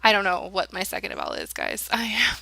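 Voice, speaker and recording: Bright, chatty young woman rambling along. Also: mid-range voice, wildly swooping pitch, fast, vocal fry, dry recording. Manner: rambling, chatty, giggly, self-deprecating. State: tired. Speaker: gaming channel host. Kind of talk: casual voice-over commentary on a build.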